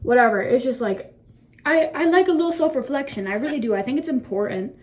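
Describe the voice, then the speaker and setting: A woman's voice: sits high, animated, fast talker, a little mellow. A seventeen-year-old woman chatting casually to her phone camera in a bathroom, rambling, laughing often and swearing freely as she reflects. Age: teens. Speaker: vlogger.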